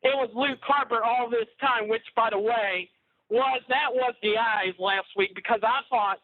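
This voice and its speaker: Joking male caller, high voice, rambling chat over a tinny phone line. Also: steady tone, moderate pace, dry recording. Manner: joking, rambling, prone to pranks. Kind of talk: casual chat.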